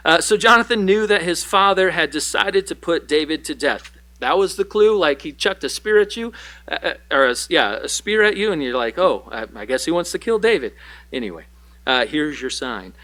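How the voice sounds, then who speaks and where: Pastor guy doing bible teaching, bright voice pitched a bit high, jokey and animated. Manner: animated and joking, quick asides, voices characters playfully. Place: church.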